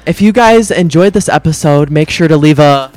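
Young male podcast host, cheerful and chatty, slightly raised pitch, dry sound. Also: normal speed, darkish tone, no room sound, soft background music. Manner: upbeat, laughing sign-off. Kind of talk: casual podcast chat.

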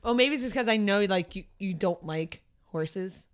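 A woman's voice: medium pitch, animated, moderate pace, smooth, no room sound, clean studio sound. A woman co-hosting a podcast, joking and teasing her co-host. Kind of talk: casual chat.

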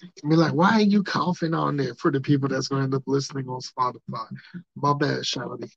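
A gravelly-voiced man hosts a loose podcast, rambling and joking loudly in heavy slang. The room sounds dry and close, and the audio is a bit dull and lo-fi. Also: medium pitch, fairly even intonation, brisk, no echo. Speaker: podcast host. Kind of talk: casual podcast banter.

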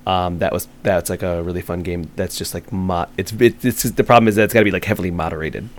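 Low-voiced guy on a gaming podcast, rambly, lots of uh and like. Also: steady tone, fast. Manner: rambling, filler-heavy. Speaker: podcast co-host. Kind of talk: casual gaming chat.

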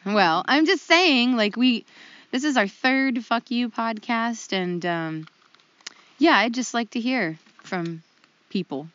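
A woman's voice: on the high side, expressive, takes it slowly, a bit bright, no room sound, lo-fi sound. A woman co-hosting a podcast, chatting casually with wry jokes, hesitant fillers and frequent laughter. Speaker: podcast co-host.

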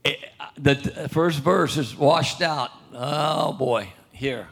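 An older man preaches, telling a story from his own life in a halting, restarting way and clearing his throat often. His voice sits at a middle pitch. When he reads scripture it rises and grows louder. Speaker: pastor. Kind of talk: sermon.

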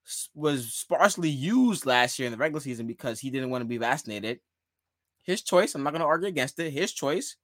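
Bright, emphatic man hosting sports talk. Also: medium pitch, dry recording, clean studio sound. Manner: animated, emphatic, repeats phrases. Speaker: podcast host.

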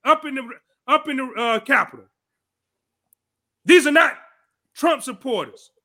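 Angry high-voiced man ranting. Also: unhurried. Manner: angry, shouting, profane ranting. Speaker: podcast host. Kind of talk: heated political commentary.

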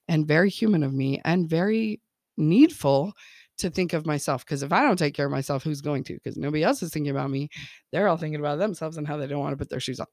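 A woman's voice: low-pitched, a little mellow, no echo, clean studio sound. A woman parenting coach talking casually, laughing often and checking in with her listeners. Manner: chatty, laughs often, keeps checking in with "okay?" and "right?".

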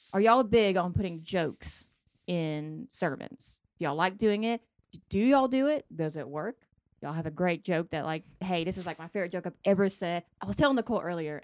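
A woman's voice: on the low side, no echo, studio quality. Giggly Southern woman hosting a podcast. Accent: Southern American. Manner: chatty, giggly, rambling. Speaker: podcast host. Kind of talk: casual chat.

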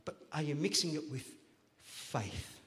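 Energetic pastor, joking then booming. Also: male voice, a little slow. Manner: playful, joking, rising to loud emphatic exhortation. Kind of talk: sermon. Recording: long church hall reverb.

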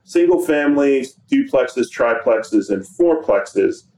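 A man from the United States, a podcast guest, talking in a relaxed, wry, chatty way about his work. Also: mid-range voice, slow, echoey room, poor audio. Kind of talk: casual chat.

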